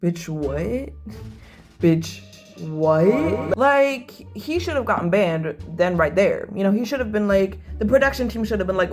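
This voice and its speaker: A young woman chatting casually while doing her makeup, animated and gossipy, with lots of "like" and sudden loud bursts. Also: medium pitch, measured pace, soft background music. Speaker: video creator.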